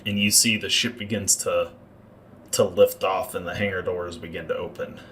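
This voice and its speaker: A man with a low, deep voice narrates a tabletop game as game master, building the scene unhurriedly. A faint hiss sits under his voice. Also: steady tone, fairly bright tone. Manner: descriptive, unhurried scene-setting.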